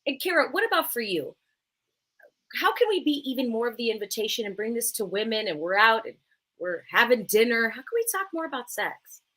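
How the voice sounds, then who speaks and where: A woman's voice: on the high side, a little fast. A woman hosting a live podcast conversation, affirming her guests and asking them questions. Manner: lively, affirming, asks questions. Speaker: podcast host.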